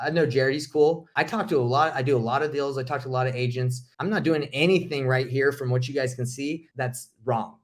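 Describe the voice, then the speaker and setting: A man coaching on real estate wholesaling, telling a story to camera in a blunt, slangy, heated way. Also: medium pitch.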